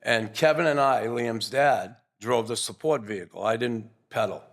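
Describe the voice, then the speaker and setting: Older male guest, gravelly voice, earnest, rambling anecdotes with restarts. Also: mid-range voice, moderate pace. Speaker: guest, former pro hockey player. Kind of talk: casual interview storytelling.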